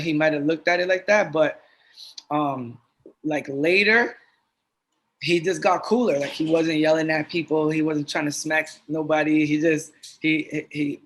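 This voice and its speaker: Man, middle-aged, casual podcast guest, earnest, streetwise, fairly high pitch. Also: a bit bright. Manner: earnest, streetwise, repeats himself. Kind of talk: casual conversation.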